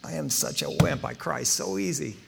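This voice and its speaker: A man in his fifties preaching a folksy, animated sermon as pastor, acting out dialogue as he tells stories. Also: on the high side, normal speed, vocal fry, slight background noise. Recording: long hall reverb.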